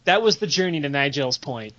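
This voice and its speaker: Young man, high voice, comic storyteller on a podcast, animated and profane, dull lo-fi audio. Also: brisk. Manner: animated, profane, acts out quotes with big pitch jumps. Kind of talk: casual comedic storytelling.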